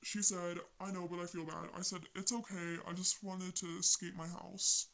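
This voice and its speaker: A young vlogger talks through a story in a loose, rambling way, full of casual slang. The voice sits at an ordinary middle pitch. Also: flat delivery, moderate pace, creaky, fairly bright tone, rough recording. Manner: slangy, rambling retelling of text chats.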